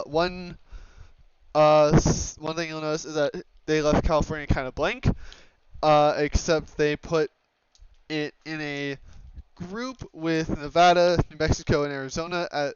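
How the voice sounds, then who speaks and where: Young male student presenter, slightly high, hesitant and full of fillers. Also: clean tone, no room sound. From Oregon, USA. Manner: hesitant, many fillers and self-corrections. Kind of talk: slide presentation on dialect maps. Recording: slightly dull lo-fi mic.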